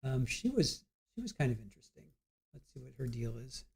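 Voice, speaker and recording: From a computer at home, this livestream host chats loosely with his viewers as he waits for a court hearing to pick back up, addressing the chat directly and often trailing off before starting again. His mid-range voice swings widely in pitch, moves a little fast, and sounds creaky, slightly mellow, and breathy at the edges.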